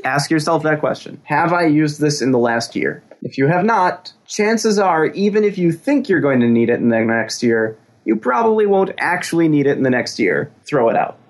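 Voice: mid-range voice, sing-song, moderate pace, few pauses. A podcast co-host in casual chat, giving blunt, bossy advice.

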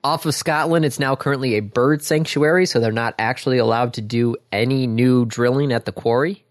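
A man's voice: medium pitch, a little fast, dry recording, clean studio sound. A young adult man co-hosting a casual chat, enthusiastic and rambling, with frequent restarts. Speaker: podcast co-host.

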